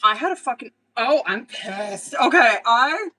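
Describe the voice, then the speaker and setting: Bright-voiced, profane woman reading tarot. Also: on the high side, animated, measured pace, rough recording. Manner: blunt, profane, chatty, laughs often. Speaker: tarot reader. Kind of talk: casual live-stream tarot reading.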